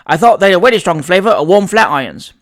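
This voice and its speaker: Man doing cheeky manservant, sly, deadpan, fairly high voice, storybook. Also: fast talker. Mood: wry. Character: cheeky young male London manservant, dry wit.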